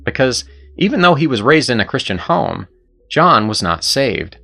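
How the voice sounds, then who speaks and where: A man's voice: medium pitch, very animated, moderate pace, gravelly, pushed and bright, slightly rough. A man hosting and narrating a scripted story in an earnest, persuasive way. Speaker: host and narrator.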